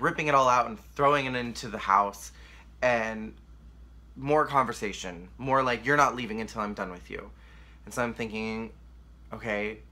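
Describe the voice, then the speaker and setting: A man's voice: mid-range voice, bright, forceful tone. A young man candidly telling a painful personal story to the camera, emotional and rambling, with lots of "like.". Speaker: vlogger.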